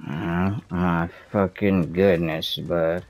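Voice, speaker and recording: A man with a deep, low voice gives casual gameplay commentary. He talks slowly and mutters frustrated complaints, full of swearing, as he plays. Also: fairly even intonation, darkish tone. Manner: frustrated, heavily profane muttering. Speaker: gaming streamer.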